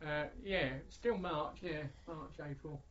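Slow and fairly high-pitched, with a somewhat bright tone, an aging veteran rambles through memories of his service in an oral-history interview. Fillers and restarts abound, and the recording is dull and lo-fi.

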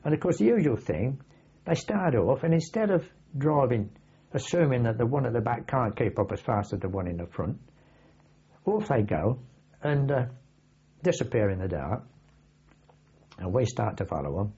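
An older man tells vivid, salty anecdotes in casual oral-history storytelling, with a husky voice. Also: medium pitch, very animated, normal speed, pauses often. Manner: vivid anecdotal, salty language, acts out his own shouts. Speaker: veteran recounting wartime memories. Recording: dull lo-fi archive recording.

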